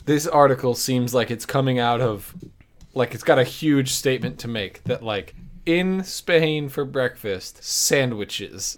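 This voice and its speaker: A man's voice: medium pitch, a little slow. A man co-hosting a podcast in casual chat, joking and laughing often. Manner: laughs often, jokey, animated. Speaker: podcast co-host.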